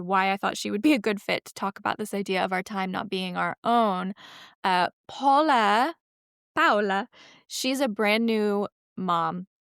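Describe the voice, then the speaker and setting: A woman's voice: medium pitch, a bit bright, clear, resonant tone, no room sound, clean studio sound. A woman in her thirties hosting a podcast, talking in a chatty, rambling way and correcting herself as she goes. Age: 30s. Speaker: podcast host. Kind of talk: casual podcast intro.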